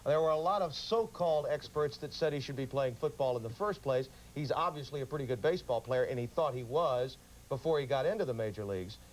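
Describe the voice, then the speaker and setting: A man co-hosting a sports talk show, giving measured, analytical commentary. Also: mid-range voice, slight background noise, rough recording.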